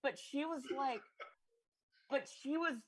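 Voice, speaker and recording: A woman's voice: high-pitched, slow, poor audio. Rambling woman telling a stand-up story. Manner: rambling, self-interrupting, laughs through lines. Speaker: comedian.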